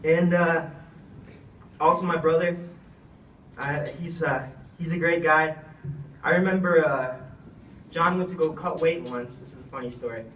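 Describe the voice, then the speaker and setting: A man's voice: on the high side, steady tone, a little slow, a bit bright, a little hiss or hum. A young man giving a heartfelt, rambling thank-you speech with many fillers. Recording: echoey room, speaker far from mic.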